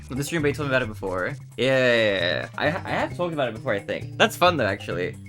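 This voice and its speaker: Animated man chatting over game music. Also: medium pitch. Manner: animated storyteller, laughs often. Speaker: streamer. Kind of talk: casual livestream chat while speedrunning.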